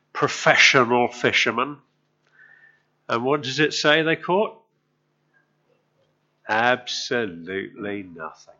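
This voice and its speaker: A man's voice: medium pitch, sharp tone. Guy preaching, chatty storyteller vibe, asks the crowd stuff, kinda muffled lo-fi audio. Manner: conversational storytelling, asks the congregation questions. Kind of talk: sermon.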